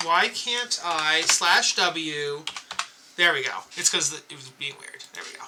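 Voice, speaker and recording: A man running an online tabletop game as game master over a voice call, animated and quick to laugh. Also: a little high, noisy background.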